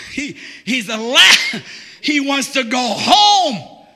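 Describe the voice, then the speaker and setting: A very high-pitched man preaches a sermon. His voice is piercingly bright, and his folksy, joking delivery keeps swelling into shouts. A long reverb from the church hall trails every phrase. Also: sing-song, drawn-out words.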